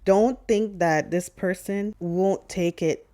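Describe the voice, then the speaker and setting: A woman giving a measured, cautionary talk in an advice video. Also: medium pitch, warm tone. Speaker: social media commentator.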